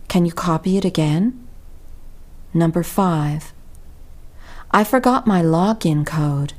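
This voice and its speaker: Slow, mellow-voiced woman teaching pronunciation. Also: fairly low pitch. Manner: slow, deliberate reading with careful stress on words. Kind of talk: scripted lesson narration.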